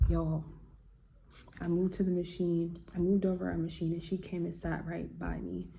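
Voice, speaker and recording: Female vlogger, casual chat, flat delivery, faint background hiss. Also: fairly low pitch, brisk, creaky. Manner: relaxed, slangy, reflective talk.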